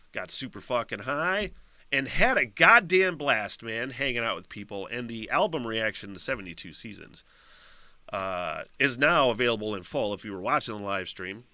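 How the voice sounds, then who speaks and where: A man's voice: medium pitch, lively intonation, moderate pace, bright, forceful tone, no echo. A middle-aged man hosting his own podcast, chatting casually, swearing freely and reading a news story aloud with rambling asides. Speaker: podcast host. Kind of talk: casual solo podcast chat.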